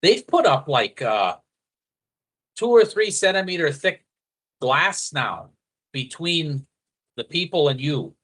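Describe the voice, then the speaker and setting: A man telling a story in casual chat, animated and profane, slipping into quoted voices. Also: a little high, slow pace, long pauses, breathy edge. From a foreigner living in Thailand.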